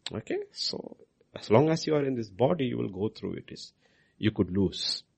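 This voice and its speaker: A man preaching a sermon, swinging from loud proclamations to hushed, near-whispered lines and repeating key phrases for emphasis. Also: lowish voice, expressive, moderate pace, creaky, breathy edge.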